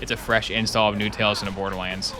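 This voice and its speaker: A man's voice: fairly low pitch, little pitch movement, fast, music in the background. A young man streaming a game, rambling and joking in casual commentary with sarcastic asides. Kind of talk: casual commentary while gaming.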